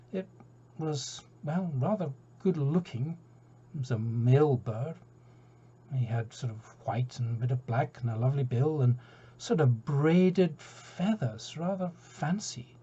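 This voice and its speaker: A man's voice: mid-range voice, mellow, breathy edge. A Scottish man telling a folk tale aloud in a chatty way, with asides to his listeners. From Scotland. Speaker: storyteller. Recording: dull lo-fi recording.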